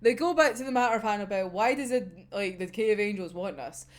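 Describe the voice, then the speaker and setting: A woman's voice: mid-range voice, animated, quick pace. A young woman with a Scottish accent chatting casually about an anime episode, swearing freely and laughing often. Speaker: anime reviewer.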